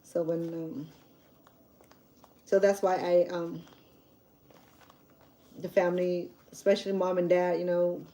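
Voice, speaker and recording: Mellow-voiced woman telling a story. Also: on the low side, little pitch movement, slow, pauses often, poor audio. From Cambodia. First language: Khmer. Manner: candid and chatty, with frequent restarts. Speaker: cooking channel host. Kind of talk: personal storytelling vlog.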